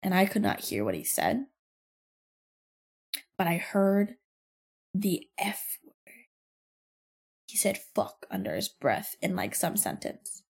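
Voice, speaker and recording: A young woman hosting a podcast recounts a story from work in a casual, animated, foul-mouthed way, full of fillers and frequent laughter. Her voice is lowish and a little breathy, and she speaks slowly with many pauses.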